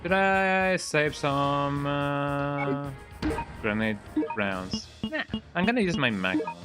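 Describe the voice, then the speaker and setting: A man streaming a video game, giving relaxed, rambling commentary with joking asides. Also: on the high side, takes it slowly. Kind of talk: casual gameplay commentary. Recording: game capture with loud music. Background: game music and sounds.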